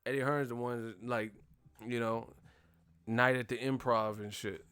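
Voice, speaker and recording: A man's voice: medium pitch, a little slow, clear, resonant tone, no room sound. A young man hosting a boxing live stream, ranting casually and profanely and slipping into impressions of the people he talks about. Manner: animated, profane, mimics others mid-rant. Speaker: boxing show host.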